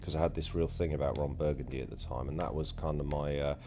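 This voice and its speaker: A man's voice: very deep voice, fairly even intonation, fast talker, mellow, slight background noise. A young man hosting a let's play, bantering and teasing his co-host in casual gaming chat.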